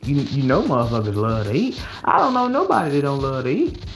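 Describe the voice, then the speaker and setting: A man's voice: mid-range voice, wildly swooping pitch, brisk, fairly bright tone, faint music behind, poor audio. A young man in his twenties hosting a casual late-night livestream, talking in rambling, profane slang with many restarts. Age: 20s. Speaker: livestream host.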